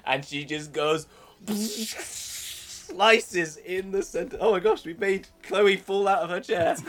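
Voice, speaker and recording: Male dungeon master, excitable and rambling, a little high-pitched. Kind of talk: narrating a tabletop game.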